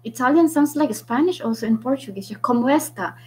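A young adult woman with a Filipino accent chatting casually with viewers on her vlog, thinking aloud with lots of ums and pauses. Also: high-pitched, animated, darkish tone, poor audio. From Philippines. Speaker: vlogger. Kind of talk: casual live-stream chat with viewers.

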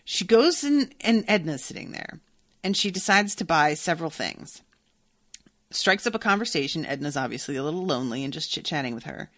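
A woman podcast host reading a novel aloud, breaking off into animated, profane reactions. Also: sits low, brisk, no echo, clean studio sound.

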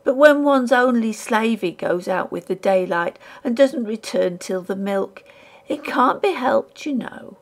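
A furtive, wheedling male collector, put on by a woman reading a ghost story aloud. He talks high and hushed, insinuating every word, with a gravelly edge and a lively, swooping pitch. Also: unhurried. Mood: sly.

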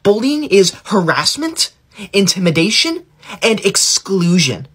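Using a full character voice that's high-pitched, sing-song, slightly bright, and husky, a man portrays a sanctimonious schoolkid in comedy. This teacher's pet lectures the others in a preachy, whiny tone and is always ready to run to the teacher.

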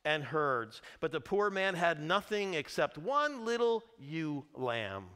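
A man pastor preaching a sermon, telling a story with lively, dramatic delivery and acted-out voices. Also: fairly high pitch, takes it slowly, clean tone. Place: church.

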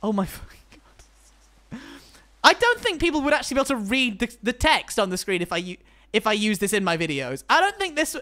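High, lively young man streaming. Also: fairly quick. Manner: excitable, theatrical mock outrage. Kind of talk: casual gaming stream chat. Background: game music.

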